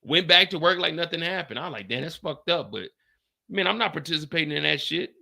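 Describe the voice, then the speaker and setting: A man in his late thirties hosting a livestream, telling a story in a casual, animated and profane way and talking straight to his chat. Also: a little high, fast, vocal fry. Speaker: livestream host.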